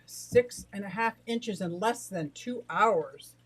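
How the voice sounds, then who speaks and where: A middle-aged American woman who livestreams about aquariums and exotic pets chats casually about her fish and greets viewers, sounding breathless and excitable. Her voice is mid-range, husky and slow, and the audio quality is poor.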